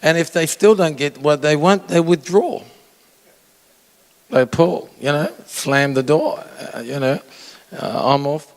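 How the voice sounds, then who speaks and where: Slow-talking male pastor preaching in a hall. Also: fairly high pitch, animated, gravelly. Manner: conversational, asks the audience questions, acts out inner voices. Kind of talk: sermon. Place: church auditorium. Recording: long reverb of a large hall.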